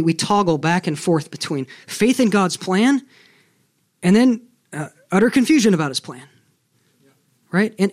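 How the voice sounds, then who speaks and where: Delivering a sermon, a male pastor speaks in a high voice with earnest emphasis. He keeps checking in with the congregation through rhetorical questions.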